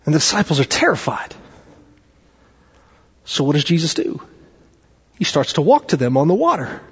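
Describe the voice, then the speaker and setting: A male pastor preaching a sermon, with dramatic swings in pitch and pace and chatty asides. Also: very animated, normal speed, husky. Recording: dull sound with long hall reverb.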